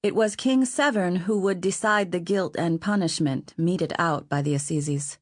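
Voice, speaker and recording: A woman with a voice on the low side narrates an audiobook from a script, measured and even in her storytelling. The recording is dry and studio quality.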